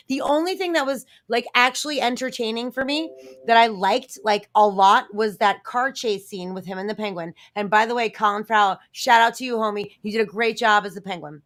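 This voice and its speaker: A woman's voice: fairly high pitch, fairly quick, a bit bright. Blunt, profane woman ranting. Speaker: co-host of entertainment news show. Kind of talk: casual live chat. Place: live online show.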